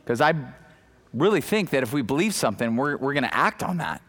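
A man preaching a sermon as pastor, animated and conversational, acting out the people in the story, with many fillers and restarts. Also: medium pitch, fairly quick.

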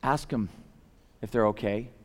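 A man preaching a casual, animated sermon, swinging from loud emphatic shouts to soft low asides, with lots of conversational fillers. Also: unhurried. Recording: long hall reverb.

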